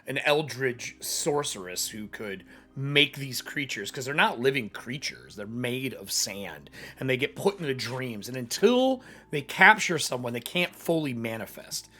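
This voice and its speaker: Lively-pitched man running a tabletop game. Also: measured pace, hardly any pauses. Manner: casual, loose, swears freely. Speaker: game master.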